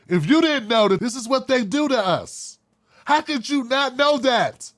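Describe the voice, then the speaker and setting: A man's voice: extremely high pitch, a bit bright. Blunt, fired-up male commentary host. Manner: blunt, fired-up, swears freely. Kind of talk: opinion commentary.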